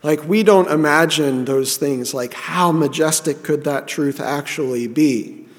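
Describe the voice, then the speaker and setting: A man's voice: on the high side, unhurried. Earnest male preacher in a reverberant hall. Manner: earnest, repeats himself and restarts often. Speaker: pastor. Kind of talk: sermon.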